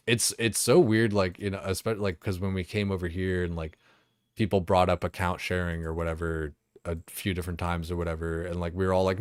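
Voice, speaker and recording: A man's voice: low-pitched, flat delivery, a little fast, no echo, clean studio sound. A young man streaming a game, chatting casually and rambling, swearing freely and leaning on lots of fillers.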